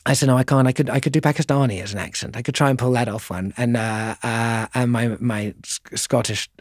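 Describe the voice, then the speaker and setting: A man's voice: mid-range voice, fairly even intonation, fairly quick, no echo, clean studio sound. A middle-aged man with a posh English accent, chatting as an interview guest in a rambling, self-deprecating way. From England. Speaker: guest musician. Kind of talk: casual interview conversation.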